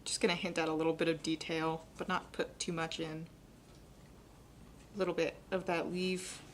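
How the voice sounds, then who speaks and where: A young adult woman giving a live painting demonstration, talking quickly and chattily and laughing often. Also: sits low, level tone, a little hiss or hum. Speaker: painting instructor.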